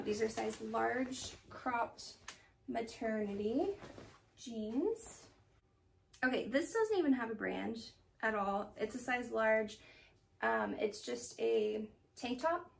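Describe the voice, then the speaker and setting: Young woman rambling about her thrift haul, kinda high voice, lil bit of background noise. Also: creaky, far from the mic. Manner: chatty, rambling, laughs often. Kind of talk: casual haul chat. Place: home room.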